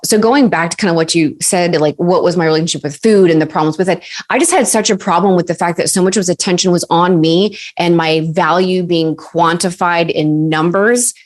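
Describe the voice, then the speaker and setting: A woman in her thirties, a guest on an interview show, telling personal stories in a lively way. She uses many fillers and acts out quoted voices. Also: on the low side. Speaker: podcast guest, success coach. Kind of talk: casual interview storytelling.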